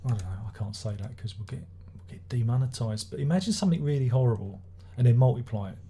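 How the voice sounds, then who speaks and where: A man's voice: mid-range voice, expressive, quick pace, mellow, slight background noise. A man giving a rambling, sardonic album review, swearing and restarting his sentences as he goes. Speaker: music reviewer. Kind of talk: casual spoken album review.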